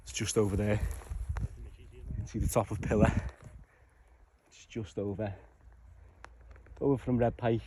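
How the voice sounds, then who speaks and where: A young man talks casually to the camera while climbing. He is out of breath and chatty. Faint outdoor noise sits under his voice. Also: on the low side. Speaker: hiking vlogger. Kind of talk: casual outdoor vlog narration. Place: outdoors on a fell.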